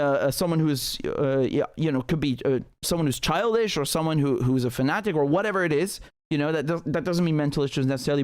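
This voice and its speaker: Male political streamer, slightly high-pitched, heated and sarcastic, restarts often. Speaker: host of a live political stream. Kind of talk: live-stream commentary.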